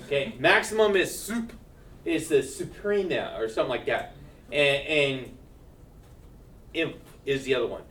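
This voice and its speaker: A man's voice: medium pitch, lively intonation, unhurried, long pauses, fairly bright tone, distant mic, slight background noise. A male math teacher giving a classroom lecture, checking in with his students and joking between steps. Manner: keeps checking in with "right?", joking asides.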